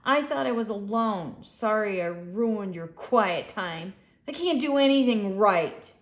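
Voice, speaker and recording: A woman voicing a grumpy, hot-tempered male hippo who complains loudly and pities himself, for a storybook. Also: medium pitch, lively intonation, a little slow, close to an everyday voice. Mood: self-pitying. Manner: loud, self-pitying complaining. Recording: echoey room.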